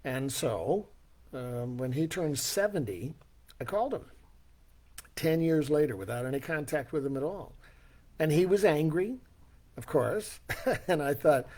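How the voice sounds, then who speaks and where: An older man with a slightly high voice shares a personal story in a motivational talk. He speaks earnestly and reflectively, and he poses rhetorical questions to his listeners. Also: lively intonation, measured pace, darkish tone.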